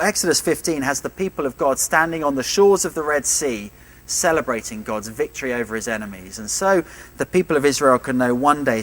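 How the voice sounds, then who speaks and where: A man's voice: mid-range voice, a bit bright, low-quality recording. British male preacher, emphatic sermon delivery, rhetorical tag questions.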